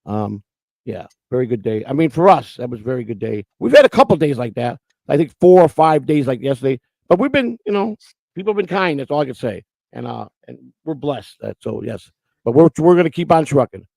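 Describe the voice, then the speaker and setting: A man's voice: mid-range voice, sing-song, fairly quick, vocal fry, a little mellow, no room sound. A man hosting a casual live stream, joking and teasing as he reads chat messages aloud on a streaming mic. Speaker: host.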